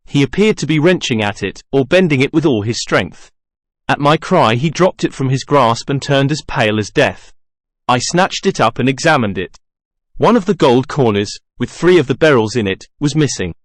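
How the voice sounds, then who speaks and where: This first-person audiobook narration comes from a man whose steady, middle-range delivery gives way to sudden dramatic bursts. His animated reading was recorded dry on a close studio microphone, with no surrounding room sound.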